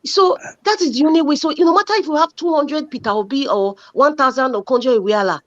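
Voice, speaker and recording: Nigerian woman guest, emphatic and insistent, higher pitch, lo-fi dry sound. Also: quick pace, no echo. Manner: forceful, emphatic, talks over others. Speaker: panel guest. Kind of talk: heated panel discussion.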